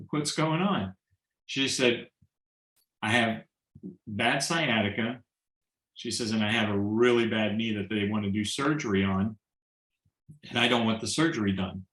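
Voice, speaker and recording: A man's voice: on the low side, roomy sound, low-quality recording. A man telling a personal story on a video call, acting out the dialogue and joking along the way. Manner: animated storyteller who acts out quoted dialogue and jokes. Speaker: guest sharing a testimonial.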